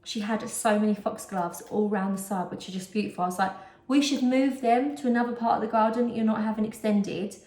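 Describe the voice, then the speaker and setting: A woman's voice: mid-range voice, fairly even intonation, fairly quick, darkish tone. A woman, chatting casually in a vlog as she shows off a haul, rambling with lots of asides and fillers. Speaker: vlogger. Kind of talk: casual chat showing a haul. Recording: roomy echo.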